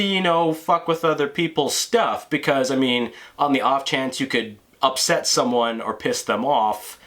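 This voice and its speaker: A man's voice: medium pitch, unhurried, hardly any pauses, a bit bright. A man with a mid-range voice tells a story straight to the camera. He swears often and stammers through restarts as he rambles on. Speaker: vlogger. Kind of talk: storytime monologue.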